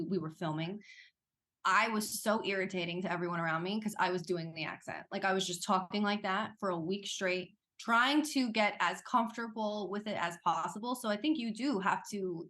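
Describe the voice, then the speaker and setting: Chatty actress guest, woman, animated delivery, mid-range voice, easy laughs. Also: mid-range voice. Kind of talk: casual interview talk.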